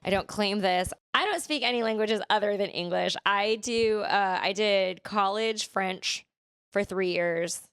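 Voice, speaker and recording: A woman's voice: mid-range voice, unhurried, fairly bright tone, smooth, dry recording, clean studio sound. A woman from California, a podcast guest, chatting casually and rambling with many "like" fillers and restarts.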